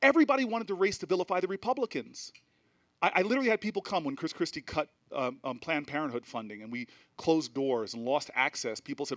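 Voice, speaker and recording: A middle-aged man from New Jersey holds the floor before a live audience, and his voice sits a little high for a man. He talks in an animated, rhetorical way, building points through repetition and personal stories. He often restarts phrases and drops fillers as he goes. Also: fast. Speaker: politician speaking to a festival audience. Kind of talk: animated speech with storytelling.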